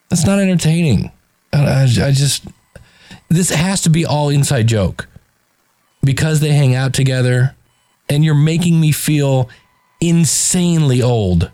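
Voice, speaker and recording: A man with a somewhat high, animated, darkish voice talks at a measured pace. He hosts a review of a podcast, commenting critically on the clips he plays in a sardonic, exasperated way and often stammering through restarted sentences.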